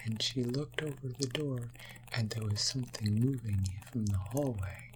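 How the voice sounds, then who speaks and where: A woman telling a spooky Halloween story to children, slow and hushed, sometimes dropping into whispers. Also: rumbling low, noisy background.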